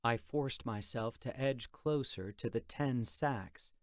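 In this scripted narration, a man voices an audiobook with calm, even storytelling. His pitch is medium, and the studio-clean track carries no room sound at all.

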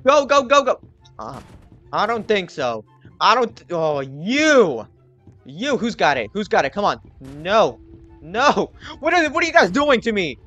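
A man hosting a gaming channel, giving excited gameplay commentary while taunting the other players and often yelling. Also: sits high, unhurried, dull audio, soft background music.

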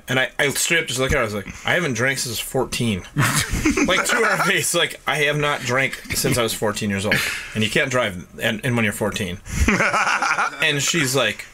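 A man's voice: mid-range voice, big pitch swings, moderate pace, background noise. A man in his late thirties, from upstate New York, co-hosting a podcast and telling a profane story with lots of laughter. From North Tonawanda, New York. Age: late 30s. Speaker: podcast co-host. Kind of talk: casual storytelling chat.

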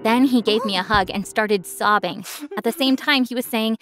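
Expressive woman storyteller, fairly high voice. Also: fairly quick, few pauses, faint music behind. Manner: clear, expressive first-person telling. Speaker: narrator. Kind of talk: scripted storytelling narration.

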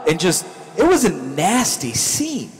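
A male pastor preaching a sermon in a church, with animated storytelling that acts out scenes. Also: high voice, unhurried, big-room sound, poor audio.

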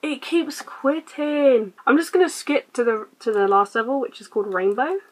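A woman's voice: on the high side, normal speed, poor audio. Woman, gaming host, casual let's-play, reads on-screen text aloud, mutters choices, faint background hiss.

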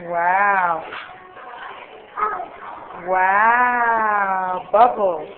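A woman's voice: medium pitch, extremely slow. A woman talking to a small child in coaxing, sing-song baby talk, filmed as a home video. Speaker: parent filming a toddler. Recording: tinny lo-fi home video with noise.

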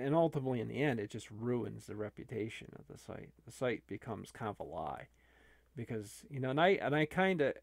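Gravelly man rambling in casual talk. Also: medium pitch, a little mellow, no echo. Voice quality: gravelly, rambling with many restarts. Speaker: online video creator.

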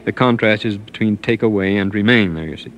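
A man's voice: lowish voice, fairly quick. A middle-aged man delivering a formal, scholarly radio lecture in the 1950s, emphatic as he quotes scripture at length.

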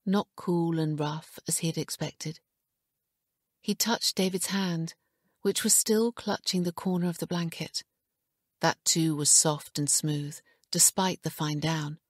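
A woman reads an audiobook in a hushed, measured manner, her pace unhurried and her voice low. The tone is soft and breathy, recorded dry and close in a booth with no room sound. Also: dry recording. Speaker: audiobook narrator. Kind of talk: scripted narration.

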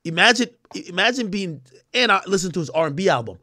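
A man's voice: sits high, very animated, fast talker, sharp tone, no room sound, studio quality. A man hosting a stream, giving blunt, profane reaction commentary. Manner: blunt, profane, chuckling asides. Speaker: streamer host.

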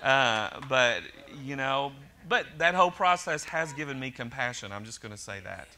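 A bright, forward-voiced man from Oklahoma preaches to his congregation. He talks in an easy, conversational way, often restarting sentences and dropping in joking asides. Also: medium pitch, lively intonation, normal speed. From Oklahoma, USA. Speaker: pastor. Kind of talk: sermon.

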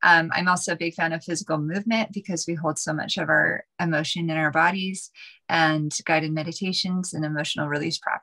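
Woman healer, guest, earnest and halting, low voice, gravelly, video call. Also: steady tone, pushed and bright. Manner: earnest, halting, many ums. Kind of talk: casual group chat.

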